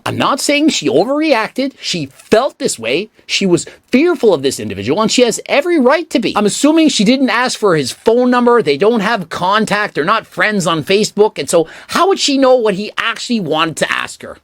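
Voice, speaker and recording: Woman with lively pitch, dry sound. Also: dry recording. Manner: measured, reasoning step by step. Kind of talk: analytical commentary.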